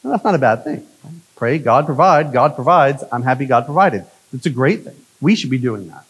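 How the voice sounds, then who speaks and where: A male pastor delivering a conversational sermon, often checking in with "right?" and swinging from emphatic lines to hushed ones. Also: medium pitch, very animated, brisk, breathy edge, low-quality recording.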